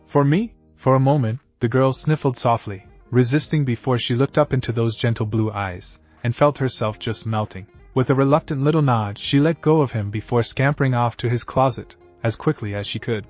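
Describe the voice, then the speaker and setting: A man reading scripted fan fiction narration in a steady, even way. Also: medium pitch, a little fast, hardly any pauses. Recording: dull lo-fi audio with faint music.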